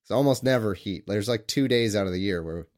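A man's voice: on the low side, a little fast, darkish tone. A man from California co-hosting a podcast, working through a quiz question in rambling, joking casual chat that keeps cutting itself off. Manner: rambling, self-interrupting, joking. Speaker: podcast co-host answering a quiz.

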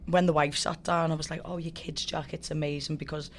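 A woman's voice: low-pitched, fairly quick, a little hiss or hum. A woman guest tells a story casually and with energy, swearing and acting out what others said. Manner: animated, swears freely, acts out quotes. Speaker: guest fighter.

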